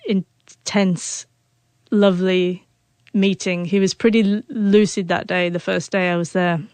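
A woman's voice: on the low side, flat delivery, unhurried, a little mellow, clean tone, dry recording. A woman in her forties, an author telling a personal story in an interview, who stutters on the first sounds of words. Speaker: author and guest.

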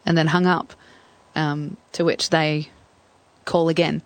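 Aussie young woman, bit gravelly, dry close mic, chatty and hesitant. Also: deep voice, level tone, takes it slowly, dry recording. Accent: Australian. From Australia. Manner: candid, hesitant, with many fillers. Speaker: guest. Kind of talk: reflective storytelling interview.

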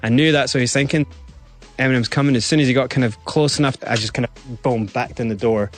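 A man's voice: mid-range voice, fairly even intonation, quick pace, soft background music. A man, a guest in an interview, recounting events animatedly and acting out other people's lines. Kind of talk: interview storytelling.

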